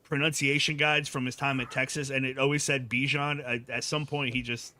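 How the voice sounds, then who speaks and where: A man co-hosting a casual sports talk show, telling stories quickly in a chatty way. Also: medium pitch, little pitch movement, pushed and bright. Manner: quick, chatty storytelling with fillers. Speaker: radio show co-host.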